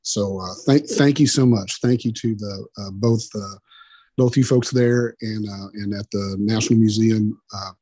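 A man's voice: lowish voice, fairly even intonation, a little slow, mellow, no room sound. Folksy Oklahoman man, stammering. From Oklahoma, USA. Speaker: musician guest. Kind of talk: interview chat.

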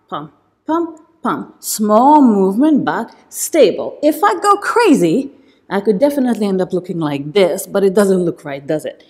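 A woman's voice: medium pitch, a little mellow, husky. A woman pilates instructor coaching a workout, encouraging and counting reps as she demonstrates, a little out of breath.

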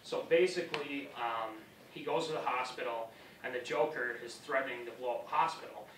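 A young man talks through a class presentation in a casual, rambling way, and his voice is bright. The sound is roomy and echoey, picked up by a camera from across the classroom, with a faint hiss behind it. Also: mid-range voice, fairly quick, recorded from a distance. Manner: casual, rambling, loose phrasing. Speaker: student presenter.

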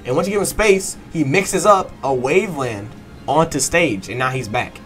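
A man giving a fast, excited play-by-play breakdown of a fighting game match, swearing and breaking into excited bursts. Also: on the high side, soft background music. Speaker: match analyst.

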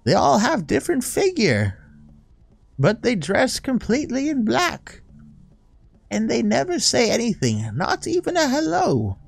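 A man voicing a gossipy old woman neighbor with a gruff, old-man sort of voice. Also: very high voice, wildly swooping pitch, measured pace, voice pushed up, exaggerated voice. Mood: gossiping.

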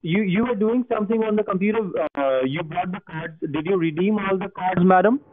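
A man's voice: sits high, fairly quick. Pushy man on a phone line. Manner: insistent, repeats questions over and over. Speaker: phone scammer posing as tech support. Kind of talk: pushy scam phone call. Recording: tinny phone line with faint music.

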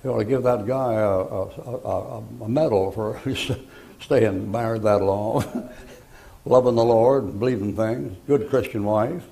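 An older man preaching a sermon, telling folksy stories between loud bursts of preaching. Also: fairly low pitch, a little slow, vocal fry.

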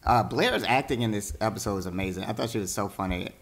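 A man's voice: lowish voice, fast talker, fairly bright tone. A man co-hosting a podcast, chatting casually about a TV episode, laughing a lot and acting out characters' lines. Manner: laughs often, quotes characters in funny voices. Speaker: podcast co-host. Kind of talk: casual TV recap chat.

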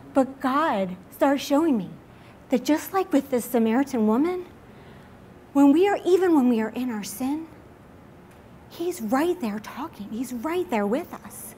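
Young woman, slightly high voice, earnest confessional testimony delivered as a sermon. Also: animated, unhurried, darkish tone, a little hiss or hum. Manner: earnest and confessional, many fillers like "like". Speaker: speaker at a church midweek service.

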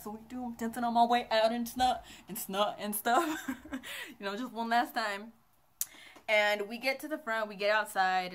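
A woman's voice: on the high side, normal speed, fairly bright tone. A young woman vlogger telling a casual storytime, chatty and giggly as she retells her night out.

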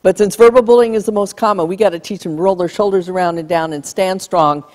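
A woman's voice: medium pitch, fast, darkish tone. Woman giving a big emphatic talk on bullying, long echo from a hall. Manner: emphatic, acts out quoted parents and kids. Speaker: speaker on bullying. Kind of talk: keynote talk to a live audience.

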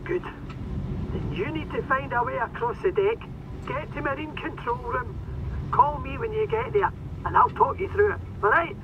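An actor playing a rig worker talking over the radio, urgent and consoling, swearing bluntly. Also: male voice, very high voice, big pitch swings, normal speed, vocal fry, highs cut off, noisy background, full character voice. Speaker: game character. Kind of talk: video game voice acting.

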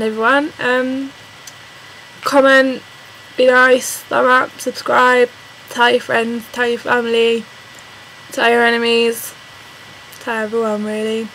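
A young woman with an English accent, chatting excitedly and rambling through a casual vlog with plenty of ums. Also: on the high side, slight background noise, rough recording. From England. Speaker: vlogger.

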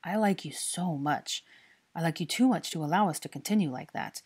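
A woman's voice: deep voice, a little fast, darkish tone, breathy edge. A woman voicing an anxious, earnest young man in love, talking in an urgent, pleading way.

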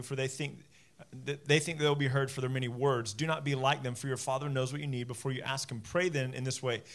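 A man in his forties, a pastor giving a sermon in a conversational, animated way, with many asides to the congregation. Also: medium pitch. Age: 40s.

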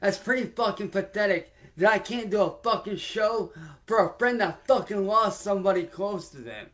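A man with a fairly high voice delivers a heated, swear-filled livestream rant. He confronts a heckler directly, circles back to the same demands, and then turns to explain himself to his viewers. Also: expressive, moderate pace, a bit bright. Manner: repetitive, addresses a heckler then the audience.

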